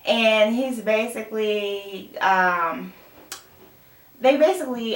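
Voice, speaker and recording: A woman's voice: medium pitch, slow, fairly bright tone. Rambling young woman recapping a show. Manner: rambling, full of "like" and "um", mixes up names. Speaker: TV recap vlogger. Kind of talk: casual chat. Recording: roomy room, mic far off.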